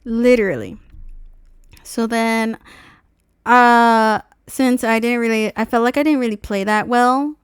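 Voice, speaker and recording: Young woman streamer ranting about a car dealer, cusses a lot, slightly high smooth voice. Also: a little slow, no room sound, studio quality. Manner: profane, emphatic, acts out quotes in loud high voices. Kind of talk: casual storytelling rant.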